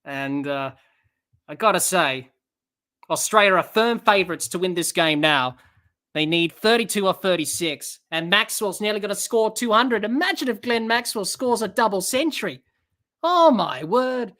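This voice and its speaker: Bright-voiced woman doing excitable cricket commentary. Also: mid-range voice, moderate pace. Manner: excitable, bursts into shouting at big shots; reads out chat comments and chats to listeners. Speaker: cricket podcast host. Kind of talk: live watch-along sports commentary.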